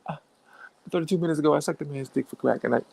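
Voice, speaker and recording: Man doing a sheepish hushed young woman. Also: on the high side, racing, vocal fry, husky, no room sound, exaggerated voice.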